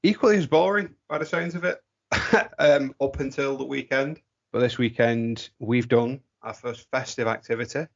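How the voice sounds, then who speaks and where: A man's voice: medium pitch, moderate pace, gravelly, lo-fi sound. A man, co-hosting a podcast in upbeat, teasing casual chat. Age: 30s. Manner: upbeat, teasing, lively intros. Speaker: podcast co-host.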